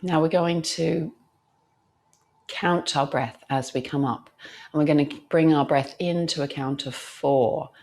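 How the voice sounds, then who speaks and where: Woman yoga teacher, low voice, slow unhurried pace, gentle soothing guidance, counting breaths. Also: fairly even intonation. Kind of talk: guided yoga class instruction.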